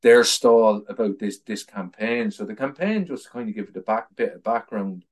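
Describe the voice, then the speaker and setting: A man's voice: fairly low pitch, normal speed. An Irish man in his thirties, a political activist guest telling stories in casual conversation, often repeating words and laughing at his own anecdotes. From Ireland.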